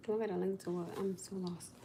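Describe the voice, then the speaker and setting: A woman's voice: medium pitch, steady tone, fast, dark tone, a little hiss or hum. Exasperated woman chatting on a phone livestream. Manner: chatty, exasperated, addresses viewers as y'all. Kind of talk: casual livestream chat.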